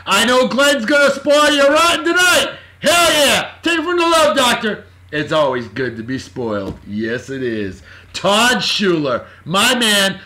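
Rowdy, animated man with a bright voice. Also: high voice. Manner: boisterous, slangy, swings between yelling and muttering. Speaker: vlog host giving birthday shout-outs. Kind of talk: casual rowdy shout-out vlog.

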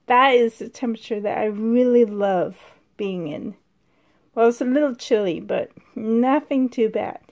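A woman vlogger chatting excitedly from a dim room at home, her voice sitting a little high. She talks at a slow, unhurried pace and now and then drops to a hushed whisper. The sound comes from a handheld camera held indoors. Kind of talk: casual vlog chat.

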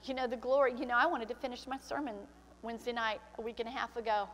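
A woman's voice: a little high, fairly even intonation, quick pace, a bit bright, long reverb tail, slight background noise. An older woman pastor preaching a sermon, emotional and tearful, slipping into prayer. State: crying. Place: church sanctuary.

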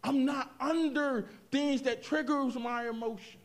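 A man preaching a sermon, moving from hushed reflection to loud, animated emphasis, with casual asides to the congregation. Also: extremely high pitch, unhurried. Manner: expressive preaching, swings from quiet to loud, vernacular asides. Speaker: pastor.

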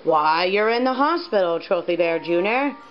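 A woman voicing a calm male bear doctor in a toy play-acting video, speaking slowly and matter-of-factly. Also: dull audio, slight background noise, lightly acted. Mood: reassuring. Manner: slow, low, matter-of-fact explaining.

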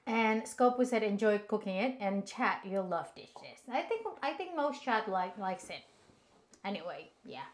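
A woman's voice: medium pitch, lively intonation, a little slow. A woman co-hosting a live cooking stream in a home kitchen, chatting casually and reading viewer comments aloud. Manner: chatty, reads chat messages aloud.

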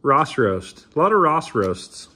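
A man in his thirties talks casually at a middling pitch, reading names aloud. He tosses off dry, mumbled asides under his breath. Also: very animated, unhurried, sharp tone, husky. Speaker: card opener. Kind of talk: casual card-opening vlog.

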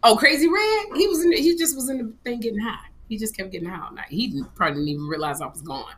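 A middle-aged woman co-hosting a comedy livestream tells a story with dramatic flair through her livestream microphone. Her voice is a little high, expressive and fairly bright, and she talks fast.

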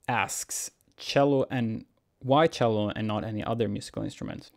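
A young man, a cellist answering viewer questions in a relaxed, musing Q&A vlog, chuckling often. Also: on the low side, moderate pace, gravelly, pauses often. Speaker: cellist and YouTuber. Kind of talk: casual Q&A vlog.

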